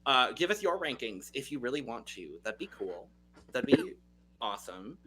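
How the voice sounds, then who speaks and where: A man's voice: medium pitch, big pitch swings, moderate pace, sharp tone, poor audio. A man hosting a podcast in a casual, playful chat with many fillers. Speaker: podcast host.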